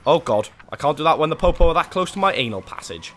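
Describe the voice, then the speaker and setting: A man hosting gameplay commentary, excitable and swinging from muttering to yelling as he plays. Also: a little high, fast, few pauses, slight background noise. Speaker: gaming channel host.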